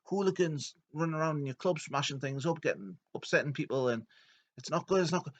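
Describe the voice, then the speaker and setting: A man's voice: a little high, fairly quick, a bit bright, pitched above the performer's own voice. A man voicing a nervous male servant who fawns and keeps apologizing. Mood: pleading. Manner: fretful and apologetic. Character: nervous, fawning male servant and head of security.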